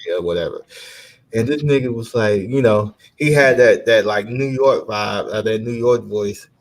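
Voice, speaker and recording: A man hosting a casual podcast chat, telling stories in an animated, joking, slangy way. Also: on the low side, moderate pace. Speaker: podcast host.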